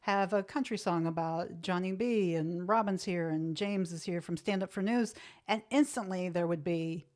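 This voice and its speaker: A woman's voice: fairly low pitch, darkish tone. A woman comedian co-hosting a podcast, telling stories in a chatty, playful way and laughing easily. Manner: chatty storyteller, quick to laugh. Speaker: podcast co-host. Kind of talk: casual comedic chat.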